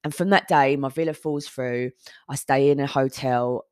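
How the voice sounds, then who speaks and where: A woman's voice: rumbling low, steady tone, normal speed, a little mellow, clear, resonant tone, no room sound, clean studio sound. Candid woman telling her story. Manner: candid, swears, retells conversations. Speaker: podcast host. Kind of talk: personal storytelling monologue.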